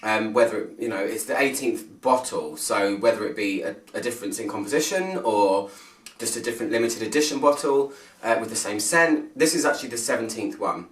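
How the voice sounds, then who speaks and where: A man's voice: on the low side, expressive, brisk, fairly bright tone, distant mic. A British man reviewing a fragrance in a casual, self-mocking chat, full of fillers and restarts. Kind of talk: casual talk to camera. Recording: roomy sound, mic set some way off.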